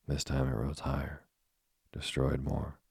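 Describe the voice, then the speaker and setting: A man narrating a storybook in a steady, measured reading. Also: rumbling low, creaky, husky, no room sound, clean studio sound. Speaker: audiobook narrator.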